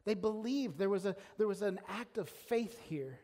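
A man with a high voice preaches a sermon, earnest and emphatic, often circling back to restart a phrase. His words ring out with a long reverb, as in a large church sanctuary. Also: lively intonation, moderate pace, mellow. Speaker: pastor.

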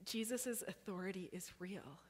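A woman's voice: mid-range voice, normal speed, darkish tone. Woman preaching in a reverberant hall. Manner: conversational, asks the listeners questions. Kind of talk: sermon.

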